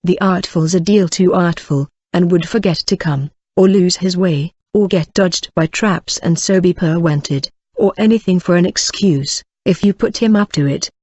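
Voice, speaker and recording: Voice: medium pitch, normal speed, few pauses, darkish tone, dry recording, highs cut off, close to an everyday voice. A reader growling as a surly brutal robber. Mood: bitter. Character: brutal surly male robber, sick and bitter.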